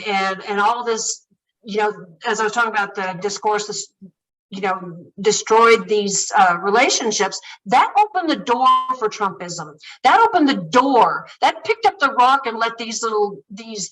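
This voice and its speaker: A woman running for office answers interview questions earnestly, often pausing and restarting. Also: mid-range voice, fairly bright tone, far from the mic, rough recording. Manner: earnest, halting, with many fillers and restarts. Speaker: political candidate guest.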